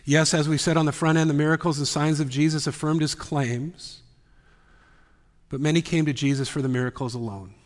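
Guy preaching, keeps dropping to a whisper, kinda high voice, long church echo. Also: steady tone, a little fast. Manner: dramatic, drops often to a whisper. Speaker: pastor. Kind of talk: sermon. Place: church sanctuary.

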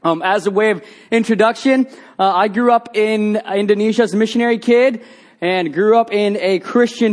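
A man preaching a sermon, telling a story with lively quoted voices. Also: high voice. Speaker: pastor.

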